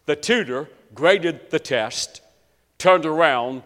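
A man from West Virginia preaching a sermon to his congregation, telling a story dramatically and swinging between hushed and loud. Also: a little high, lively intonation, slow. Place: church sanctuary. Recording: long reverb of a large hall.

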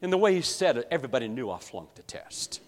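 A man from West Virginia preaching a sermon to his congregation, telling a story dramatically and swinging between hushed and loud. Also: mid-range voice, sing-song, fast talker. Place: church sanctuary. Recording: long reverb of a large hall.

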